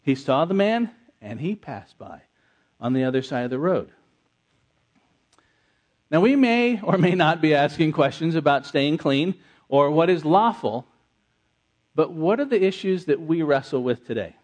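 A middle-aged man preaching an interactive sermon, conversational and animated, repeating answers from the congregation. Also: on the high side, unhurried, pauses often. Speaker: pastor.

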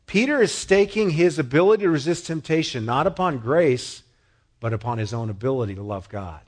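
A man preaching a sermon in a conversational way, asking the listeners questions and growing animated as he tells stories. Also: mid-range voice, brisk. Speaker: pastor.

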